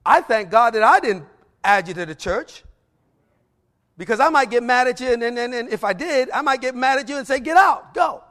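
A middle-aged man delivers a sermon in a noticeably high voice. He draws out the verses he reads, then moves into quick, lively personal stories with plenty of bursts of emphasis. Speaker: preacher.

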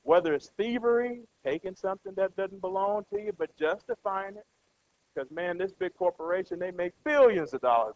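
High-voiced man preaching a chatty sermon. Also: big pitch swings, a little fast, gravelly. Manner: conversational, keeps asking the congregation "right?"; acts out everyday characters with a changed voice. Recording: dull lo-fi sound.

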